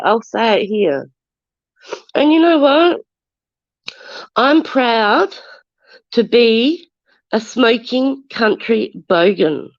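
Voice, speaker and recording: A woman's voice: fairly high pitch, dry recording. An Australian woman in her forties with a stuffy nose from a cold, ranting defensively on a casual live stream and greeting viewers as she goes. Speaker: livestreamer. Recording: dull lo-fi stream audio.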